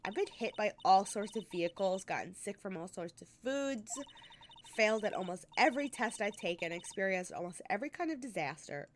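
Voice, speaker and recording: A woman's voice: mid-range voice, expressive, brisk, slight background noise, pitched below the performer's own voice, close to an everyday voice. A woman voicing a hapless young cop. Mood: rueful. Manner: reading game text aloud with put-on character voice. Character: hapless young woman cop, cheerful despite bad luck.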